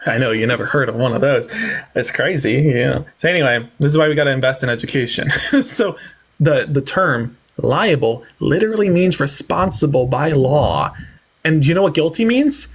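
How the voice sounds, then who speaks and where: Male livestream debate host, husky, mid-pitched, combative and sarcastic. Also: expressive, moderate pace. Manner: sarcastic, mocking, theatrical. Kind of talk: heated political debate.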